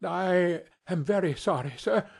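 A man's voice: high-pitched, measured pace, vocal fry, breathy edge, pitched above the performer's own voice, heavily acted. A man reading an audiobook, voicing a timid male clerk who apologizes and pleads with his employer. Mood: pleading. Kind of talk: storybook reading.

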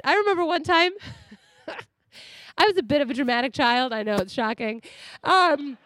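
Chatty, animated female preacher with a high voice and a dry, close sound. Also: normal speed, long pauses, dry recording. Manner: animated and chatty, laughs often. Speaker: speaker. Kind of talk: sermon.

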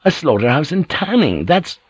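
A man's voice: on the high side, sing-song, normal speed, slightly rough, dry recording, pitched above the performer's own voice. A man voicing a guarded ship's pilot who speaks hesitantly. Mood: uneasy. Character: uneasy English ship's pilot, male, adult.

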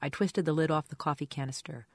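A first-person detective narration read in a dry, wry hard-boiled tone, at a middling pitch. The recording is dry and close, with no room sound at all. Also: steady tone, fast talker, husky, no echo. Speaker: audiobook narrator.

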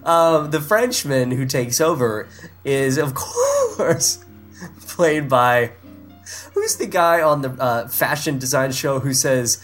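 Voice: mid-range voice, slow, fairly bright tone, soft background music. A podcast co-host in casual chat who riffs playfully on made-up movie plots, laughing often. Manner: playful, rambling, laughs often while riffing.

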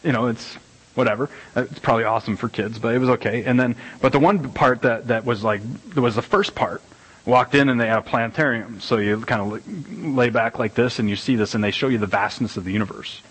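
A middle-aged man preaching a casual, conversational sermon as pastor, animated and rambling, with many restarts and repeated words. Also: medium pitch, fast, husky, rough recording. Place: church sanctuary.

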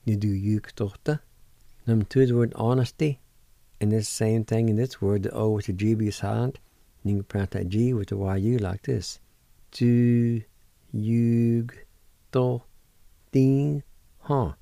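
A middle-aged man hosting a language lesson, spelling words letter by letter and repeating each one slowly. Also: lowish voice, fairly even intonation, gravelly, warm tone, no echo. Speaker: radio host teaching words. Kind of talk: slow word-by-word language lesson.

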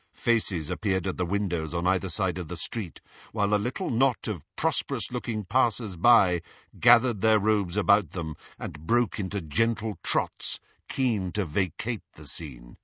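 Animated, bright male audiobook narrator. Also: low voice, slightly rough, no echo, dull audio. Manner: expressive, animated reading. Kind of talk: scripted narration.

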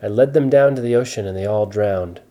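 A man voicing a small, excitable man in a bedtime story who talks in high, flustered bursts. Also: a little fast, natural voice. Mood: eager.

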